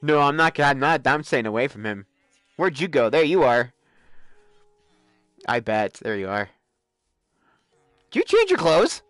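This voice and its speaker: A man hosting a live stream, chatting excitedly and laughing as he plays a game. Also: mid-range voice, moderate pace, long pauses, dry recording, studio quality, soft background music. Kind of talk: casual gameplay commentary.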